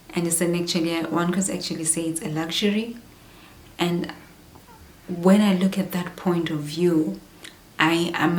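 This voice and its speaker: A woman in her thirties, candidly chatting through a personal pregnancy vlog, sometimes dropping into soft whispery asides. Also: lowish voice. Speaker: vlogger. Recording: echoey room with faint hum.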